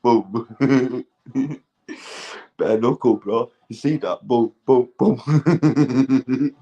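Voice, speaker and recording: A Northern English man in his forties, high and rambling as he chats to his stream viewers, swearing and laughing at himself. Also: slow, mellow, muffled recording. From England. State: intoxicated. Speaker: livestreamer. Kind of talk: rambling casual chat to viewers.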